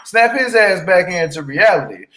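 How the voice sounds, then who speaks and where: A man's voice: high voice, sing-song, moderate pace, bright, forceful tone, a little hiss or hum, poor audio. A man giving casual reaction commentary on a reality show, blunt, profane and exasperated.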